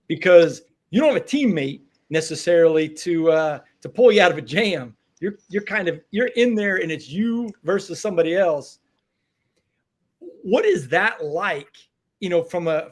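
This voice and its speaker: A man hosts an interview show and stumbles over repeated words as he leads into his questions. He sounds keen and chatty. His voice sits somewhat high for a man. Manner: halting, stammering repeats, enthusiastic. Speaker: podcast host. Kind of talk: interview podcast hosting.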